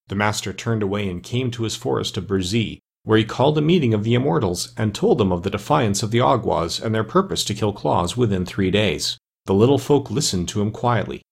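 Husky low-voiced male storyteller. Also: animated, moderate pace, few pauses. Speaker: audiobook narrator. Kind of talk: scripted storybook narration.

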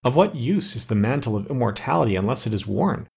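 A man's voice: medium pitch, lively intonation, fast, creaky, darkish tone, husky, exaggerated voice. Ak, a man voicing a solemn forest immortal. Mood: persuasive. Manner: solemn, persuasive pleading. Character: noble male forest immortal, earnest leader.

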